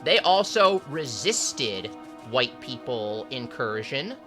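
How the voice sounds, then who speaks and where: A streamer chatting casually over a game with friends, slow and unhurried. The voice is bright and clear, full of halting fillers and restarts. Faint music plays underneath. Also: medium pitch, big pitch swings. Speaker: streamer playing a factory-building game with friends. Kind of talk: casual gaming chat.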